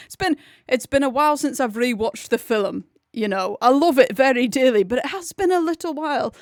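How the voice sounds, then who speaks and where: A woman's voice: sits high, animated, moderate pace, dry recording, studio quality. Breezy woman hosting a livestream. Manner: rambling, self-correcting, breezy. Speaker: livestream film club host. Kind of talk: casual chatty commentary.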